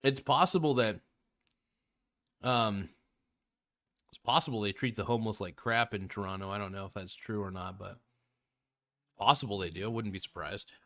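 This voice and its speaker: A man's voice: on the low side, normal speed, long pauses, pushed and bright. A man hosting a casual reaction video, talking in a laid-back, slangy way with plenty of swearing while he snacks on crackers.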